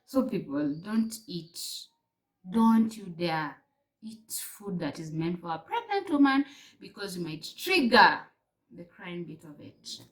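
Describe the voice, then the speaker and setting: A woman's voice: fairly low pitch, unhurried, rough recording. Chatty Kenyan woman vlogging. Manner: chatty, switches between English and Swahili; animated storyteller, mixes in fillers. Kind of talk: casual chat to camera.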